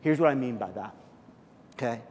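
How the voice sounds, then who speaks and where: Animated man preaching in a reverberant hall. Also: medium pitch, moderate pace. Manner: animated, acts out little dialogues, repeats words. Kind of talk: sermon.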